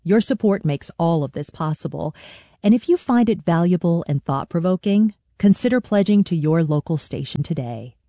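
A woman radio host giving a measured, scripted introduction. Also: fairly low pitch, expressive, dark tone, no echo, studio quality.

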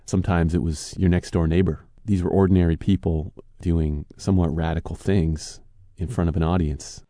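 A young adult man telling a personal story in a relaxed, casual way, with easy fillers. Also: low-pitched, moderate pace, no echo, clean studio sound. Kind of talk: personal storytelling over music. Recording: guitar music behind voice.

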